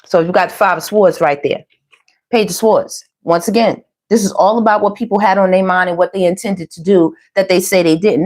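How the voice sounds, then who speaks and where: A woman giving a casual tarot reading, talking to her viewers in a chatty, slangy, animated way. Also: mid-range voice, fairly quick. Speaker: tarot reader.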